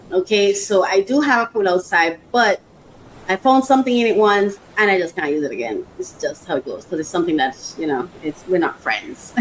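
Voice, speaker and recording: A woman with a mid-range voice hosts her own podcast, chatting casually and bubbly while unboxing a product and laughing often. The recording is low quality with slight background noise.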